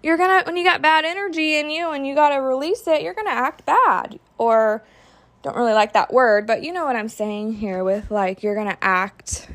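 A woman's voice: high voice, normal speed, fairly bright tone. A woman hosting a podcast, talking frankly and casually, often saying "like" and acting out what a parent might say. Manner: frank, peppered with "like", acts out quoted parent talk. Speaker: podcast host. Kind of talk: candid casual podcast monologue.

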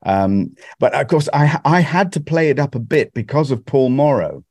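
A man's voice: medium pitch, very animated, normal speed, darkish tone, dry recording. A man from Britain, a guest actor, chatting in an interview in a self-deprecating way with frequent restarts. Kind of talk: conversational interview.

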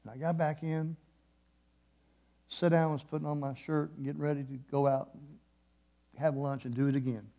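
A man preaching a sermon in a church, moving between hushed, slow passages and loud, passionate peaks. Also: on the high side, flat delivery, gravelly, muffled recording. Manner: impassioned, swings from hushed to loud. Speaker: guest preacher.

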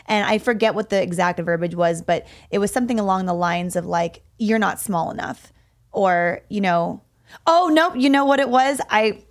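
A young adult woman in casual podcast chat, telling personal stories in a candid, expressive way and swearing freely. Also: mid-range voice, normal speed.

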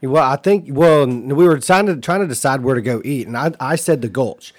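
A man co-hosting a casual podcast, recounting a story in a laid-back way, clearing his throat now and then. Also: mid-range voice, fairly quick. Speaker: podcast co-host. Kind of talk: casual chat.

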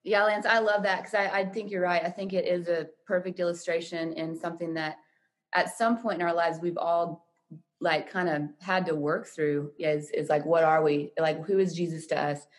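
A woman hosting a podcast, chatting casually in a warm, affectionate and expressive way. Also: fairly low pitch, normal speed. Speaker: podcast host.

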